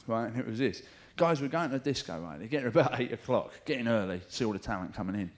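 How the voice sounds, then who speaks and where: Lively swearing comedian on stage. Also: male voice, medium pitch, quick pace. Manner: chatty, swearing, acts out punchlines in raised voices. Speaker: stand-up comedian. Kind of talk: stand-up comedy set. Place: theatre stage before a live audience. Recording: old VHS tape with faint hiss.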